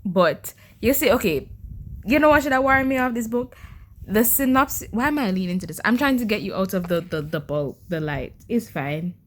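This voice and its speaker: A young woman chatting on her book vlog in an ordinary middle pitch, sounding exasperated. She stumbles over her words, repeats herself and keeps throwing rhetorical questions at the audience. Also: expressive, moderate pace. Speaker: book vlogger. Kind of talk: casual reading vlog to camera.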